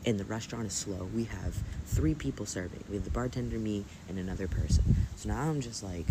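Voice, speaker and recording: A man's voice: fairly low pitch, a little fast, hardly any pauses. A man telling a casual storytime rant about a restaurant job, aggravated and swearing freely as he runs his sentences together. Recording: loud background noise.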